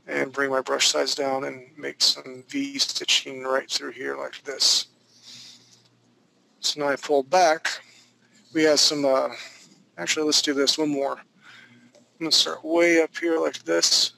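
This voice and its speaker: A man's voice: mid-range voice, little pitch movement, takes it slowly, gravelly, long pauses, sharp tone, a little hiss or hum, rough recording. A man teaching a live online drawing class from home, talking loosely and jokingly as he thinks aloud while he draws. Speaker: drawing instructor. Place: home studio.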